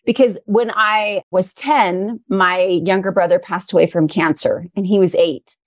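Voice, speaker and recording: A woman's voice: mid-range voice, steady tone, measured pace, no room sound. A middle-aged woman talking earnestly and with feeling as an interview guest, a little emotional at times. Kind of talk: interview conversation.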